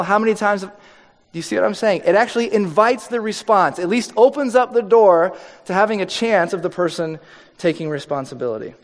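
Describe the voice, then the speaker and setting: Male pastor, 30s, conversational preacher who slips into acted quotes; high voice, long hall reverb. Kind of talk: sermon.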